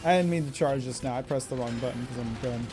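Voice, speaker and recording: A man streaming a game live, excitable and swearing at the monster, laughing often. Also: mid-range voice, fast, music in the background. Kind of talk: live gameplay commentary.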